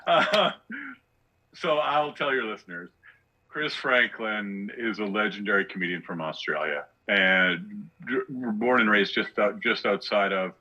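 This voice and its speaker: A man's voice: lowish voice, measured pace, bright, forceful tone, muffled recording. A male comedian on a podcast, ranting with sarcastic rhetorical questions in casual chat. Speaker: guest comedian.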